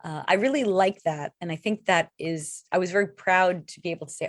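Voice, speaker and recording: Chatty middle-aged actress, low voice. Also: female voice, fairly quick, few pauses, no room sound, clean studio sound. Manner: chatty, rambling with many fillers. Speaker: actress guest. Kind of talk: casual interview chat.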